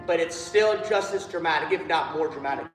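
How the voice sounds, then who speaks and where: A man's voice: fairly high pitch, brisk, reverberant, over loud music, low-quality recording. A man leading a choir rehearsal, coaching the singers and singing phrases to show them how. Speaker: choir director.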